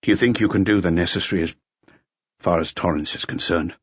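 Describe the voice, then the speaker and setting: A man reading an audiobook, voicing a weary middle-aged male police inspector who talks calmly and quietly. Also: sits low, a little fast, husky, no echo. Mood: resigned. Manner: calm, quiet, resigned. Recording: dull lo-fi audio.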